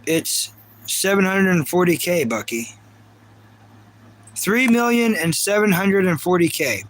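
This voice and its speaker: A man's voice: sits high, lively intonation, measured pace, fairly bright tone, rough recording. A man with a Kentucky accent chatting casually on a live stream, rambling earnestly and reading viewer comments aloud. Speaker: livestreamer.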